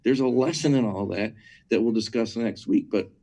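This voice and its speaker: A warm, mid-range male voice at an ordinary pace belongs to an interview guest discussing churches. He's emphatic yet conversational, leaning on repetition as his point develops and regularly posing rhetorical questions to the audience.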